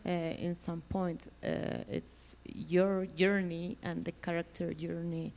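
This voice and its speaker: A woman filmmaker on a festival panel, speaking in a measured, slightly halting way. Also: lowish voice, little pitch movement, gravelly, darkish tone. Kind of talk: panel discussion.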